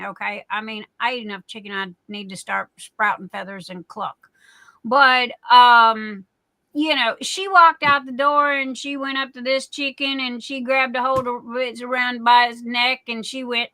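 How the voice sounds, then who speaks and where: A woman's voice: on the high side, steady tone, moderate pace, pushed and bright, no room sound. A middle-aged woman hosting a livestream, telling rambling folksy stories in a casual chat full of fillers. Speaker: livestream host.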